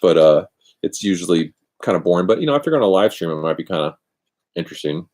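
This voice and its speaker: A low, expressive, slightly mellow male voice talks fast in a rambling, chatty way, often at his own expense. It's a craft live stream from a cold garage, heard through the laptop's built-in microphone.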